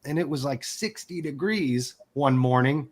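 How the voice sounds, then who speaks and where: A man's voice: medium pitch, unhurried. A man in his forties, a podcast guest telling a personal story in a candid, emotional way and swearing casually. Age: 40s.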